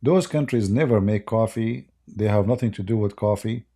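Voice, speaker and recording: A man hosting a casual livestream chat, mocking and sarcastic, with a voice going hoarse. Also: fairly low pitch, normal speed, warm tone. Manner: mocking, sarcastic banter with frequent laughter. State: hoarse, losing his voice. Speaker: livestream debate host. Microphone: close desk microphone.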